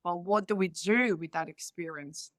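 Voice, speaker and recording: A woman's voice: lowish voice, normal speed, no room sound, clean studio sound. Croatian-accented woman in her fifties. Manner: rambling storytelling with non-native grammar slips. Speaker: guest. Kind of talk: casual conversation.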